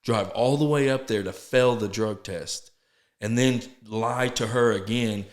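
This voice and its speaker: A man, a podcast guest telling his story in an earnest, halting way, often restarting and acting out quotes. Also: mid-range voice. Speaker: podcast guest, sober living founder. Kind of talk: casual storytelling interview.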